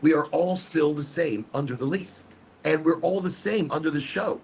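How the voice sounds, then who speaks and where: A man's voice: on the high side, moderate pace, vocal fry, a little mellow, slight background noise. A man hosting a casual motivational smoke session outdoors in a garden, rambling and upbeat with a preachy streak. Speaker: host. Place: outdoors in a hot botanical garden.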